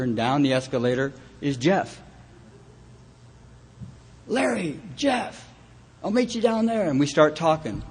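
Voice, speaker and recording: A man from Los Angeles gives a personal recovery talk in front of a live audience. He tells his story with dry, self-mocking humor and steps into the voices of the people he quotes. His voice sits at an ordinary middle pitch. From Los Angeles, California. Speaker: AA speaker. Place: retreat meeting hall, live audience.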